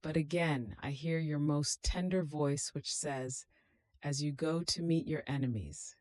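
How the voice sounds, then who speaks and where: A reader giving a slow, solemn, meditative devotional reading in a prayerful tone. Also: mid-range voice, darkish tone, no echo.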